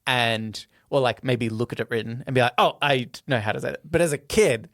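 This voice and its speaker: A man chatting on a podcast, his voice at an ordinary middle pitch. He tells stories in halting bits and breaks into laughs often. The sound is dry and close, with no room around it. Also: a bit bright, no echo. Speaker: podcast co-host. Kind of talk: casual chat.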